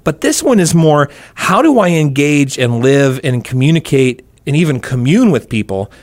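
A man's voice: fairly high pitch, very animated, normal speed, no room sound. A man hosting a faith podcast in casual, upbeat, joking chat. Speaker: podcast host.

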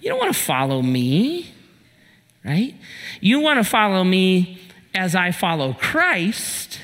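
A man preaching a sermon as pastor, telling a funny story with animated delivery and sudden shouted punchlines. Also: high voice, slow, long reverb tail. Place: church sanctuary.

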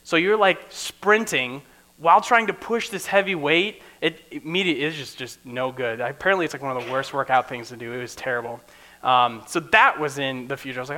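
Bright-voiced young preacher, casual and chatty. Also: male voice, medium pitch, brisk. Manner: conversational, often adds "right?", acts out quotes in voices. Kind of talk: casual teaching sermon.

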